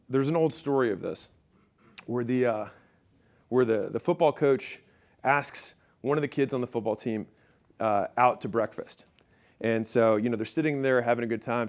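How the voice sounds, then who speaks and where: A man's voice: mid-range voice, vocal fry. A man giving a motivational business talk in a punchy, storytelling way, speaking straight to his audience.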